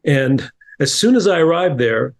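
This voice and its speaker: A man's voice: on the high side, lively intonation, unhurried. A middle-aged man from New Jersey, a guest telling stories in a casual interview, thoughtful, with frequent restarts and repeated words. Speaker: podcast guest, author and coach.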